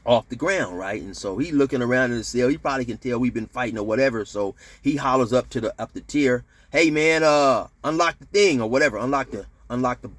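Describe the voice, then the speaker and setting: Animated storyteller man with slang. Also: medium pitch. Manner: animated, with loud sound effects and slang. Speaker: storyteller recounting prison life. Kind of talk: casual storytelling to camera.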